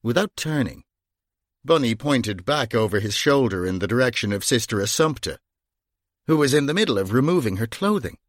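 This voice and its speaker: A man reading a novel aloud in a measured, wry storytelling manner. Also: medium pitch, expressive, dry recording, studio quality. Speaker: audiobook narrator. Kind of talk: scripted narration.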